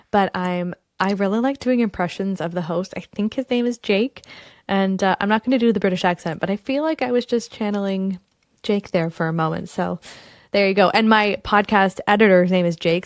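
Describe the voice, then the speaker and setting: A woman's voice: medium pitch, no room sound, studio quality. Chatty, enthusiastic woman podcast host. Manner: chatty and enthusiastic, with informal asides. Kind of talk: solo podcast introduction.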